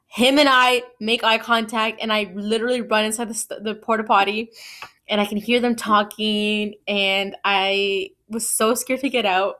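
A woman's voice: medium pitch, fairly even intonation, normal speed, sharp tone. A woman in her twenties hosting a podcast, telling a personal story in a chatty way, full of "like" and "you know". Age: 20s. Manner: chatty, lots of "like" and "you know", laughs at herself. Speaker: podcast host. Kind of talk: casual storytelling.

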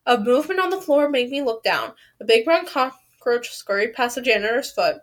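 A woman reading a novel aloud in an expressive way. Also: a little high, moderate pace. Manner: expressive, reacts loudly to the story. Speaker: reader of a book series.

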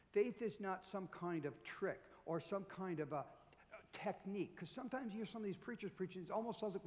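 A middle-aged man preaching a sermon as pastor, in an animated, conversational way. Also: sits high, in a large hall.

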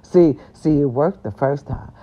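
A woman's voice: sits low, unhurried. An older woman from the South, ranting brashly to her vlog viewers and growling now and then. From American South. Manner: animated and brash, growls and breaks into song. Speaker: vlog host. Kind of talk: casual rant to viewers. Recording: dull lo-fi audio.

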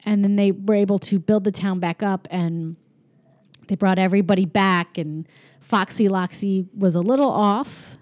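A woman co-hosting a podcast, casually retelling a movie plot with giggles and quick acted-out lines. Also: medium pitch, a little mellow, dry recording. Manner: rambling, giggly, acts out lines in quick voices. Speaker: podcast co-host. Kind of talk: casual chat recapping a movie.

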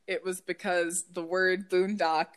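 A woman's voice: lowish voice, measured pace, clear, resonant tone. A woman co-hosting a podcast in casual chat, telling stories animatedly with frequent laughter and swearing. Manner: animated, profane, laughs often. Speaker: podcast co-host.

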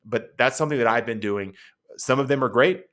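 A man's voice: medium pitch, fairly quick, fairly bright tone. A middle-aged man hosting a podcast, telling a personal story in a conversational, rambling way with asides. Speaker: podcast host.

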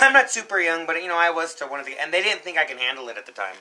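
A young man co-hosting a podcast, telling a story in a casual, animated way, acting out shouts and quotes. He coughs now and then. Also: on the high side, rapid-fire, background noise. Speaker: podcast co-host.

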